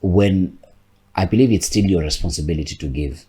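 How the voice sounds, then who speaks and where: Very deep husky man. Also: moderate pace, dark tone. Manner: reflective, repeats words and restarts while thinking aloud. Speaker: podcast co-host. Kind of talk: casual podcast chat.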